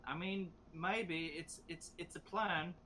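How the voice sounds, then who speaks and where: A man's voice: sits high, fairly even intonation, slow, pushed and bright, exaggerated voice. A man voicing a sly, offhand young woman student in a tabletop role-play.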